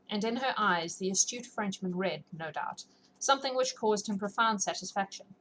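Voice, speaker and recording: A woman's voice: medium pitch, moderate pace. Woman reading aloud, voice a bit scratchy. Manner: relaxed and chatty. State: sore, scratchy voice. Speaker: audiobook reader and streamer. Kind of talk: reading a novel aloud, then casual chat.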